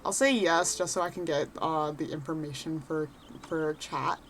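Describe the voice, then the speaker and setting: A woman streaming a game, chatting casually and reading character lines aloud in a rough put-on voice. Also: low voice, moderate pace, a little hiss or hum.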